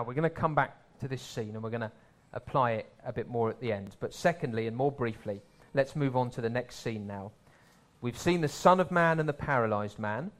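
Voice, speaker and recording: A man preaching a sermon in a conversational way, swelling louder for emphasis and dropping low for asides.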